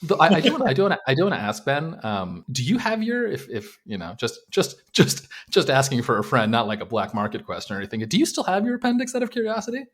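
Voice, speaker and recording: A man's voice: medium pitch, very animated, quick pace, hardly any pauses. A man co-hosting a podcast, chatting casually, laughing often and repeating himself. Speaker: podcast co-host. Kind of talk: casual chat.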